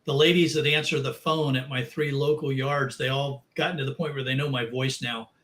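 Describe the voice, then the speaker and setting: A man's voice: mid-range voice, fairly even intonation, crowd noise. A man joking and teasing in a casual chat. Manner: joking, quick to tease.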